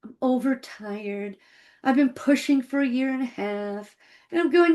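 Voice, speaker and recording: A middle-aged woman with a slightly high, darkish voice and a slow pace recounts a personal story. She's casual, conversational, and reflective, often quoting what she thought and said back then.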